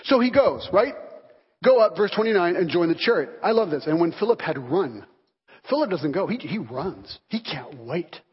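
The man's voice sits high and sounds husky, at a normal speed, as he preaches a sermon filled with animated stories and acted-out voices. A dull, reverberant hall recording captures him.

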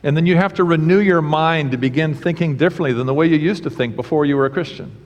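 A man's voice: a little high, fast, highs cut off. A man preaching a sermon as pastor, telling a humorous story and then teaching, in a preacherly storytelling manner. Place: church sanctuary. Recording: church sanctuary with long reverb.

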